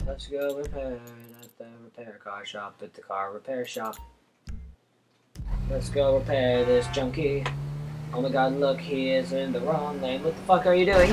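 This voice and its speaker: A man commentating over his gameplay as a taxi driver, swearing constantly and swinging between furious yelling and low muttering. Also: measured pace, slight background noise. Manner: profane, swings from rage-filled yelling to muttering. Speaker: gamer playing a taxi driver. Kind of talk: let's-play commentary.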